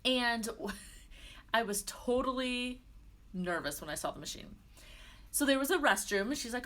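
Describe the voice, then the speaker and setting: Young woman vlogging, chatty and animated, telling her story with lots of likes. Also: on the high side, moderate pace. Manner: chatty, animated retelling with frequent "like" and laughs. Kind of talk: casual personal vlog storytelling.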